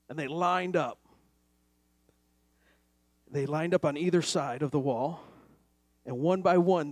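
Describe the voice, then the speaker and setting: A man preaching a sermon to a church congregation, telling a story and then building to loud call-and-response exhortation. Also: high-pitched, no echo, studio quality. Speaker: pastor.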